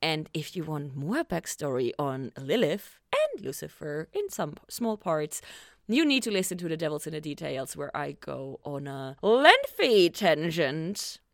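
A woman co-hosting a fan podcast, recapping scenes in a steady, matter-of-fact way. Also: deep voice, a little slow, no echo, clean studio sound. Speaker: podcast co-host.

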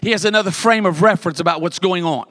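A man's voice: sits high, fast, fairly bright tone. A man preaching a sermon as pastor, telling a story with humor and building repeated emphatic lists.

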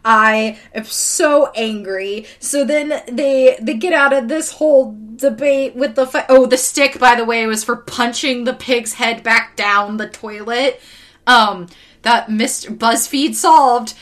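A high-voiced woman chatting casually on a podcast, her tone bright and sharp. She sounds exasperated, swears freely and acts out lines as she recaps. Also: slow pace. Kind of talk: casual chat recapping an anime.

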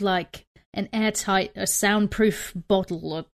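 A woman's voice: mid-range voice, normal speed. A young woman at a tabletop game talks through her character's actions. She rambles, laughs at herself, and keeps adding apologetic asides. Her voice is mid-range. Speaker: player. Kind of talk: tabletop role-play, casual chat.

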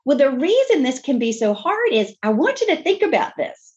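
Woman speech pathologist guest, fairly high lively voice, teacherly emphasis, dull lo-fi audio. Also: normal speed. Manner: animated, teacherly, stresses key words. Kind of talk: podcast interview explanation.

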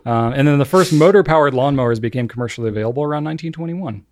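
A man's voice: medium pitch, racing, a little mellow. An American man co-hosting a casual podcast, chatty, laughing easily and trailing off with ums. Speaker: podcast co-host. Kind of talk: casual chat.

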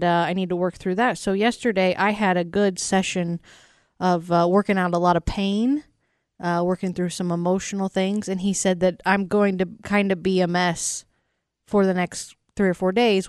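A woman's voice: lowish voice, smooth, no echo, clean studio sound. A woman co-hosting a radio show, chatting casually in a rambling, self-deprecating way. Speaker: radio co-host. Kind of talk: casual morning show banter.

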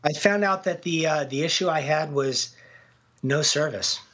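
A man with a slightly raised, husky voice chats loosely with his co-host. He stumbles and repeats himself as he goes, in an easy, unpolished way. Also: on the high side, fairly bright tone, muffled recording. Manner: halting, repeats his words. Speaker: podcast co-host. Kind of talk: casual chat. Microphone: remote call.

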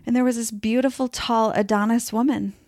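A woman's voice: a little high, steady tone, fairly quick, a little mellow, no echo, studio quality. A woman telling her personal story in a casual podcast interview, chatty and full of fillers, sometimes acting out what others said. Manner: chatty, many fillers, acts out quoted voices.

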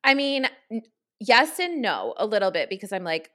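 A woman's voice: mid-range voice, big pitch swings, sharp tone. A young woman with an upstate New York accent, co-hosting a podcast in casual, rambling chat full of "like". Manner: rambling, fast asides, lots of "like". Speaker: podcast co-host.

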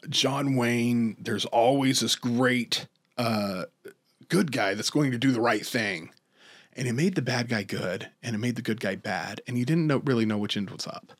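A man co-hosting a podcast, chatting casually about movies, rambling with lots of restarts and fillers and getting excited as he goes. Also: medium pitch. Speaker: podcast co-host.

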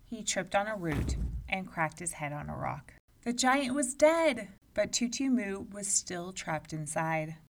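A woman narrating a storybook aloud in an expressive, measured way. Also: on the low side, recorded from a distance.

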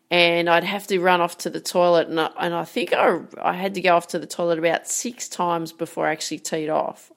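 A woman's voice: lowish voice, creaky. A woman giving a motivational coaching talk about handling nerves, direct and emphatic, often asking rhetorical questions. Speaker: sports mindset coach.

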